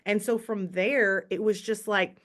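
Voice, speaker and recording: A woman's voice: medium pitch, fairly even intonation, a little slow, fairly bright tone. A woman in her thirties telling her story in a chatty, motivational way on a casual team call. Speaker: direct sales team leader.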